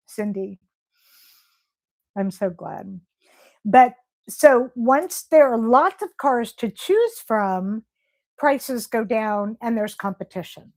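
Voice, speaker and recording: A woman's voice: a little high, a little mellow. A woman hosting a casual live stream, reading viewer comments aloud and answering them with gushing, emotional praise. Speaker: livestream host.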